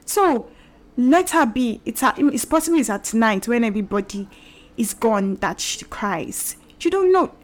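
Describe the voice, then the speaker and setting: A woman's voice: fairly high pitch, lively intonation, a little slow. A woman hosting a solo podcast, talking earnestly and emphatically and acting out the voices she quotes. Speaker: podcast host.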